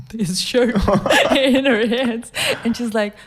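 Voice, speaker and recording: A woman's voice: on the high side, drawn-out words, breathy edge. A young woman hosting a casual podcast chat who laughs and swears through her own stories. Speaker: podcast host.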